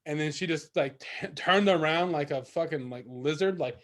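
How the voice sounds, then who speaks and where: A man telling a rambling anecdote on a casual podcast, halting and restarting as he goes. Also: fairly high pitch. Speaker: podcast co-host. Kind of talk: casual storytelling.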